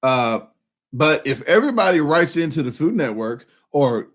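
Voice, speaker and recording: A Southern US man chatting on a live stream, his voice sitting a touch higher than most men's. He rambles along with plenty of fillers and false starts, and he sounds a little hoarse, clearing his throat now and then. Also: sing-song, moderate pace, fairly bright tone. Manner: rambling, many restarts and fillers. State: slightly hoarse, coughing. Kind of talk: casual live chat.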